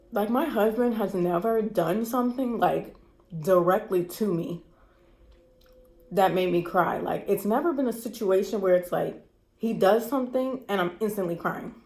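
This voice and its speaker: A woman's voice: medium pitch, unhurried, long pauses, a little mellow. A woman telling a candid personal story in a vlog, shaky and stressed, repeating herself and swearing. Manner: candid, repetitive, swearing, emotional. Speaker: vlogger. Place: cold room indoors. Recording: roomy echo.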